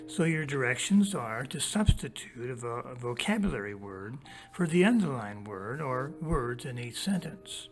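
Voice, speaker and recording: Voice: mid-range voice, big pitch swings, faint music behind. A teacher reading a storybook passage aloud, then walking listeners step by step through a worksheet, talking straight to them. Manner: slow, deliberate, spells out each step; talks straight to young listeners.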